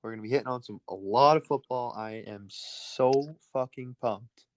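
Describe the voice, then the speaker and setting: A man co-hosting a casual sports podcast, running quickly through his betting picks. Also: medium pitch, noisy background. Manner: rapid-fire, rattles through picks. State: out of breath.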